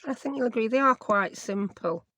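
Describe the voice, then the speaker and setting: A craft vlogger from Yorkshire, England, with a Yorkshire English accent, chats casually at her desk during a tutorial, mocking herself and dropping in dialect words. Her fairly high voice is expressive, bright and forceful at normal speed, recorded with no echo.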